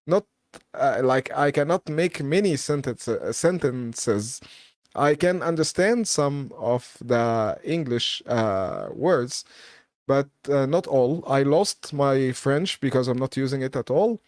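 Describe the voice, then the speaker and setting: A man's voice: medium pitch, lively intonation, slow pace, a little mellow, dry recording, studio quality. A man hosting a live Q&A stream, chatting casually, laughing often and reading viewer comments aloud.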